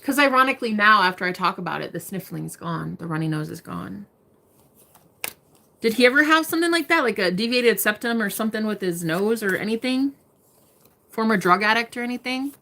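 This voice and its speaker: A woman's voice: mid-range voice, animated, a little fast, creaky, sharp tone. A young woman giving live-stream tarot readings, chatting casually, swearing freely and laughing often. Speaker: tarot reader.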